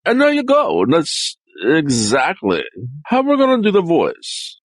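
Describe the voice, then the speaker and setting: A man's voice: on the high side, huge pitch swings, unhurried, no echo. Man swinging wildly between silly voices. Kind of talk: voice-impression practice.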